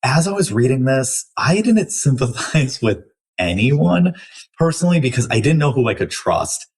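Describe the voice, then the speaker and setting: A man's voice: medium pitch, sing-song, normal speed, breathy edge. A young man hosting a book podcast, chatting casually through a review with lots of likes and restarts.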